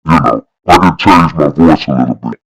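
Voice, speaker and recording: A man testing a voice changer on his voice, which makes it very low and unnatural. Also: normal speed. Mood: teasing. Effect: voice changer lowering pitch.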